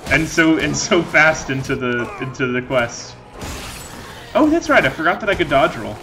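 Male gaming host, bright edge, rambly and jokey commentary, faint game music behind. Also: medium pitch, normal speed. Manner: rambling, joking, loses his train of thought. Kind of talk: let's play commentary.

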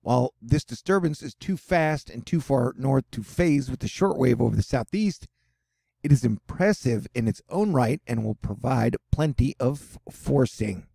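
Man hosting casual weather news, jokey and rambling, gravelly, husky. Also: mid-range voice, lively intonation, measured pace, dark tone, no room sound, clean studio sound. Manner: jokey, rambling, self-deprecating asides. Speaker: host of a news and weather channel.

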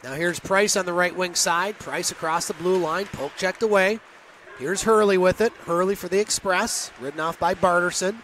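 Play-by-play man, high and bright, quick clipped calls, faint hiss behind. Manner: rapid, clipped play calls with chatty asides. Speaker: play-by-play announcer. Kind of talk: hockey play-by-play commentary.

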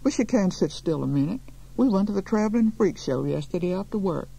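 A woman's voice: mid-range voice, expressive, brisk, vocal fry, dark tone, breathy edge, pitched above the performer's own voice, rough recording. A woman voicing a gossipy, talkative beautician with a folksy Southern accent. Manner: chatty, folksy, drawling.

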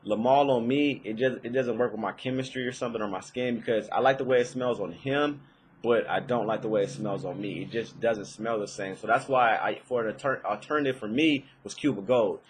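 Husky laid-back young man reviewing. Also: mid-range voice, a little fast, low-quality recording. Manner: laid-back, rambling with many fillers and restarts. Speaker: fragrance reviewer. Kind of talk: casual video review.

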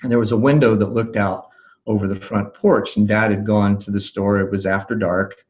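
A man being interviewed as a life coach, recounting a memory in a calm, thoughtful way with soft laughs and restarts. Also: fairly low pitch, normal speed, lo-fi sound. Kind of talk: reflective interview storytelling.

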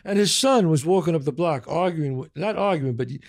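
A man's voice: fairly high pitch, a little fast. An older man, hosting a podcast and telling stories animatedly, acting out the people he quotes. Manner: animated storyteller, acts out quoted voices. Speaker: podcast host. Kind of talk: casual chat, storytelling.

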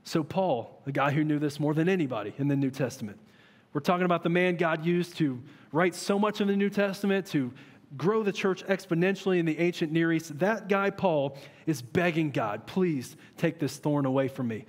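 A man in his thirties preaching a sermon as pastor, conversational and animated, with many rhetorical questions. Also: fairly high pitch, brisk. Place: large church hall. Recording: long reverb of a church hall.

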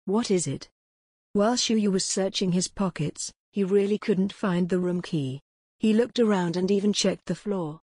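A woman narrating an audiobook in an even storybook reading. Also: medium pitch, normal speed, husky, no echo, studio quality. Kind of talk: scripted narration.

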